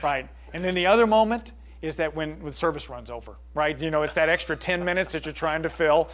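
A man's voice: on the high side, a little fast, a bit bright. A middle-aged man speaking earnestly to a group, taking questions in a loose, conversational way and often checking in with his listeners. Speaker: speaker leading a group session. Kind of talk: informal talk with audience questions.

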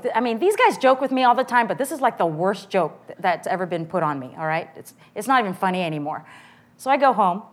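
A woman's voice: mid-range voice, sing-song, quick pace. A middle-aged woman giving an earnest, candid personal testimony before a church audience.

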